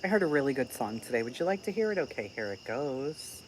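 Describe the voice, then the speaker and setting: A woman's voice: a bass voice, big pitch swings, fast, poor audio. A woman chatting casually on a live stream, swearing freely and speaking bluntly. Her voice swings widely up and down as she tells the story with sarcasm. A faint background hiss sits under her voice. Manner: sarcastic storytelling about an argument.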